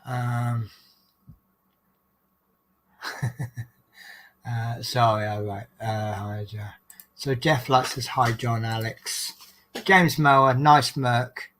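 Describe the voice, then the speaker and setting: A man's voice: mid-range voice, fairly even intonation, extremely slow, pauses often, fairly bright tone, slight background noise. A man, a bus driver, chatting casually to a live stream chat about his shifts, rambling and reading chat names aloud. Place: indoors at home, crafting in the dark.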